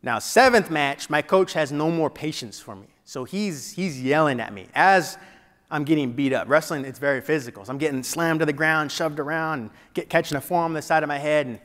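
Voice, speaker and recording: A man's voice: fairly high pitch, fairly quick. Man telling a story in a reverberant hall. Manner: dramatic storyteller, drops to a hush at painful moments. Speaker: keynote speaker. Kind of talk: motivational storytelling speech. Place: large event hall before an audience.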